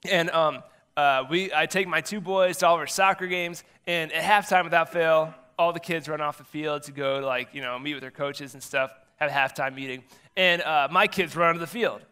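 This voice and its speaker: A man's voice: on the high side, moderate pace, pushed and bright, clear, resonant tone. A man, a middle school pastor giving a casual, chatty sermon and acting out little quotes as he tells the story.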